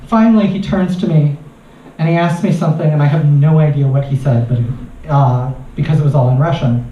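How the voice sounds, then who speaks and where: A man, a researcher doing stand-up, telling a comic story on stage in an animated way and laughing at his own lines. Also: fairly high pitch, a little fast. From United States. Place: live comedy venue. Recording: distant, roomy, muffled live recording.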